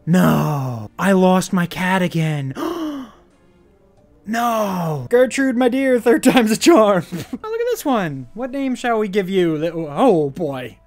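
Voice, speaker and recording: A man giving casual, goofy gameplay commentary, excitable one moment and mumbling the next. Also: sits high, takes it slowly, faint music behind. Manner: goofy, excitable, swings between shouts and mumbles. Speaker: gaming YouTuber.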